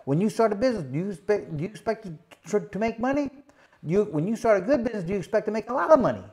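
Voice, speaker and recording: A man's voice: high-pitched, animated, very fast, darkish tone. A man, a former boxing champion, telling a long casual story, full of "you know" and repeated "he goes". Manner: rambling, many fillers and repeated "he goes".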